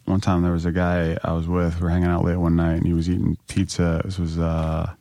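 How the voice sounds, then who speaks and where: A man in his thirties hosting a chat show, relaxed and anecdotal, laughing easily. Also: low-pitched, brisk, gravelly, no echo. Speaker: podcast host. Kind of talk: casual chat.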